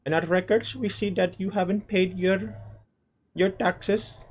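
A man putting on a shrill scam telemarketer. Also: fairly even intonation, measured pace. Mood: mocking. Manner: high mocking put-on voice. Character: pushy male telemarketer scam caller.

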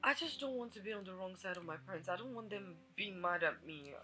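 A woman's voice: mid-range voice, expressive, fast talker. A woman with a Nigerian accent playing an anxious, demanding young fiancée who pleads and then flares up. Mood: pleading. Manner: pleading, then flaring into shouting. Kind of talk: film drama acting. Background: soft guitar music.

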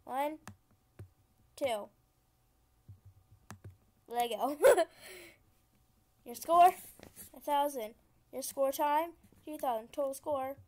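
A woman's voice: sits high, slow pace, pauses often, mellow. A young woman casually commenting as she plays a computer game, chatty and easily frustrated, often laughing. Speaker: gaming channel host.

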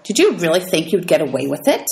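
Menacing stern teacher, low slow delivery, put on by a woman reading aloud. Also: big pitch swings, gravelly, darkish tone.

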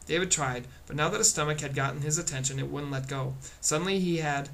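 A man's voice: a little high, quick pace, gravelly, hardly any pauses, fairly bright tone. Man reading a storybook aloud. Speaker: audiobook reader. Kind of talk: storybook narration.

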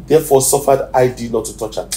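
A Nigerian-accented man preaching a sermon as pastor, swinging from loud shouted exhortations to quiet near-whispers. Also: mid-range voice, fairly even intonation, fast. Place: church hall. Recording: echoey hall, distant mic, faint noise.

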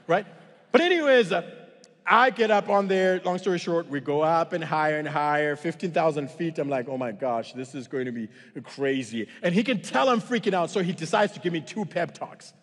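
A man from Africa preaching a sermon in a church auditorium, with animated, expressive storytelling. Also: high-pitched, fairly quick. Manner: animated and expressive, acting out dialogue, then earnest in the closing challenge. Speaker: guest pastor. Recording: long church-hall reverb.

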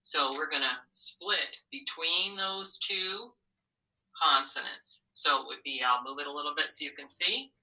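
A woman teaching a phonics lesson to children, patient and encouraging, asking questions and pausing for answers. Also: sits low, pushed and bright, far from the mic, rough recording.

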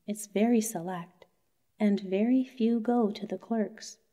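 A woman voicing an earnest young male clerk who pleads with his wife in a bedtime story, in a gently insistent manner. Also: medium pitch, steady tone, measured pace, natural voice. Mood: coaxing.

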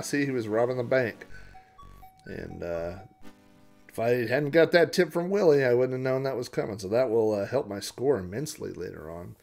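A man's voice: mid-range voice, normal speed, gravelly, darkish tone, faint music behind. A man hosting a retro gaming podcast, joking and chuckling casually through his gameplay commentary. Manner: jokey, chuckling, breaks into silly character voices.

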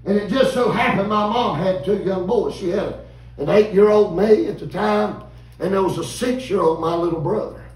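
A man, preaching a revival sermon in a folksy, animated storytelling way and calling out to the congregation. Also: high-pitched, normal speed. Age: 50s. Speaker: visiting preacher. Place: church sanctuary. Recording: echoey church room, mic at a distance.

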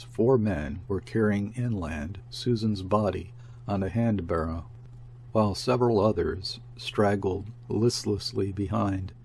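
Man, audiobook narrator, classic story, very slow, husky, lowish voice. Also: a little mellow. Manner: measured, deliberate storytelling. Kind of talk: literary audiobook reading.

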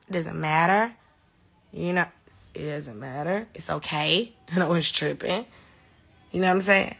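A woman's voice: medium pitch, bright, forceful tone. A woman ranting bluntly and defiantly on a live stream, swearing freely and laughing things off. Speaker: reality TV personality in a clip. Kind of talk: heated live-stream rant.

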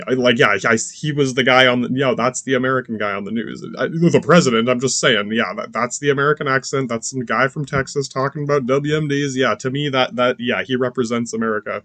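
A man's voice: medium pitch, dry recording. Rambling, foul-mouthed male podcast host, dry sound. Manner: rambling, swearing, many restarts and asides. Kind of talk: casual profane rant.

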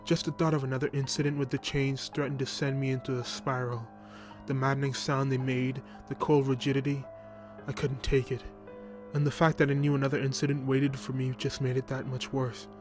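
A man narrates a first-person horror story in a flat, even voice that barely rises or falls. His pitch is ordinary for a man. Music runs underneath the whole reading. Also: brisk.

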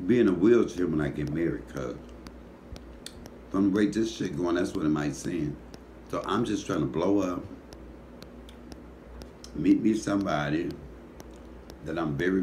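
A man comedian talking in a casual comedic monologue, animated and profane, teasing his listeners. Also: sits low, a little hiss or hum.

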